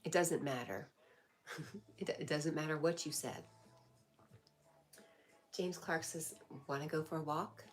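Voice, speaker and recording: Low-pitched woman, livestream host, casual chat, reads out comments and replies. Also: measured pace, pauses often. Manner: reads viewer comments aloud and answers chattily.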